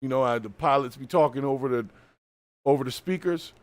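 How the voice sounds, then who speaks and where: A man hosting a live stream, reacting to a video with casual, animated, colloquial commentary. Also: mid-range voice, a little fast, dry recording. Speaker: host.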